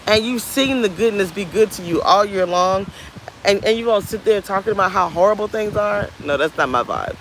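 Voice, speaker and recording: A woman's voice: mid-range voice, brisk, low-quality recording. A woman in her thirties chats to the camera in a loose, rambling way, getting fired up as she goes. She talks outdoors on a beach, with a faint hum of outdoor sound behind her. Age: 30s. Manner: candid, rambling, animated. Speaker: vlogger. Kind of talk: casual talk to camera.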